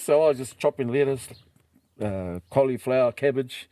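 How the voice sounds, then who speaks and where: A man's voice: mid-range voice, normal speed, slight background noise. A middle-aged man with a New Zealand accent, telling stories in casual chat and acting out what people said. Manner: animated, acts out quoted voices, laughs while telling. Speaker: podcast guest. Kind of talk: casual storytelling.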